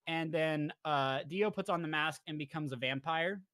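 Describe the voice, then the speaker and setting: A young man casually recapping a show for his co-hosts, rambling and jokey, slipping into quick character voices. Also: a little high, a bit bright, dry recording. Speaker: podcast host presenting slides.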